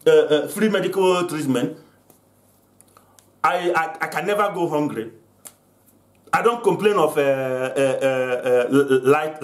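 An older man from Africa delivering an angry vlog rant, accusing and full of repeated restarts. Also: high-pitched. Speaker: vlogger. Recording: roomy echo.

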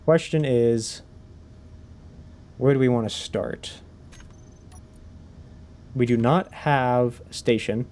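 A man commentates his game stream in an easygoing, chatty way, breaking into laughter and replying to viewers between moves. His voice sits in a mid range with a dark, mellow tone. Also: medium pitch, slow, long pauses. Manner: chatty, laughs often, answers chat while playing. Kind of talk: casual live-stream commentary.

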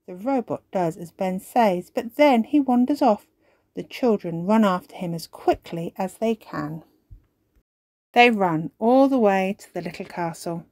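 A woman reading a children's story aloud in a slow, expressive storybook manner. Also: medium pitch, no room sound. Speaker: storytime reader.

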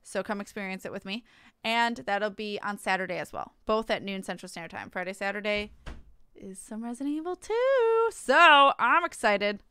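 A woman game streamer, bubbly and chatty, wrapping up her stream with quick thank-yous. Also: medium pitch, animated, pushed and bright, clean tone, no echo. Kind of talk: let's play commentary and stream outro.

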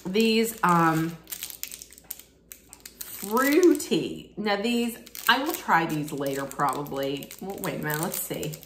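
Woman vlogger, unhurried, lowish voice, candid taste-test chatter, echoey room. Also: expressive, background noise. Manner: chatty, candid, thinks aloud while tasting. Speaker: snack unboxing vlogger. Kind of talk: casual unboxing and taste-testing vlog. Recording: roomy echo.

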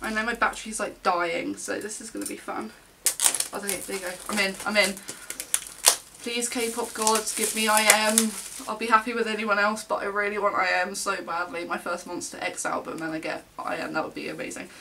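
A young woman vlogger gushing and gasping with excitement as she unboxes albums on camera. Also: medium pitch, fast talker, creaky, far from the mic, noisy background.

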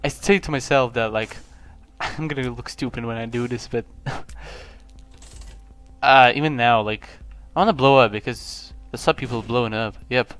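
A young man from Lithuania, whose first language is Lithuanian, rambles through casual gameplay commentary at a middle pitch. He mocks himself and breaks into sudden excited yelps. Faint game music plays underneath. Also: measured pace, smooth. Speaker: gaming channel host.

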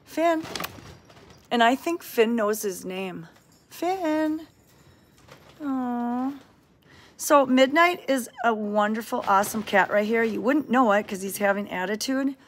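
A woman hosts a casual livestream from an indoor cat sanctuary, chatting, greeting viewers by name and cooing at the cats. Her voice is on the high side at a moderate pace, recorded on a handheld phone with slight background noise.

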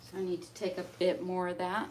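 A woman's voice: lowish voice, completely flat delivery, a little fast, darkish tone. A woman dog groomer talking casually as she works, chatting and slipping into baby talk with the dog. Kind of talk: casual narration while working. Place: grooming salon. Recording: echoey salon, mic far off, faint noise.

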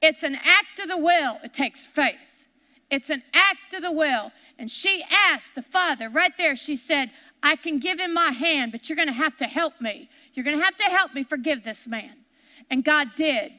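High, bright-voiced woman preaching. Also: animated, moderate pace, in a large hall. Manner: earnest, repetitive retelling with restarts. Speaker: television ministry co-host. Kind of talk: sermon storytelling. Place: television studio set.

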